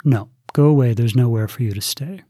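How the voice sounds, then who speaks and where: A boastful fake holy man who brushes people off curtly, as a preacher puts him on. The voice is dark and husky, with a lift in pitch for the quotes, and sits dry and close. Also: a little fast, dry recording, close to an everyday voice. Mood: irritated. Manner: boastful, then curt and dismissive. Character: boastful fraudulent male ascetic, later grumpy. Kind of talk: storytelling quotes in a Buddhist sermon.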